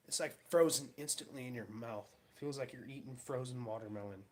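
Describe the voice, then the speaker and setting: Slight background noise sits under this young vlogger's mid-range voice, which runs fairly quick. He rambles casually through stories in his home garage, laughing and acting out what people said.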